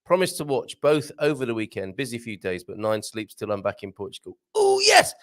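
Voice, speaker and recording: A man's voice: fairly low pitch, animated. Chatty man hosting a morning stream. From Britain. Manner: chatty, rambling, chuckles often, reads comments aloud, tries Portuguese phrases slowly. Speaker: host of a live-streamed morning show. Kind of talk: casual live-stream chat reading viewer comments. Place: home studio with green screen.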